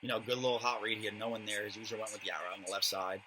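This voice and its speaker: A man's voice: lowish voice, flat delivery, very fast, noisy background. A young man giving a casual, rambling voice-over commentary on his own match, with many fillers.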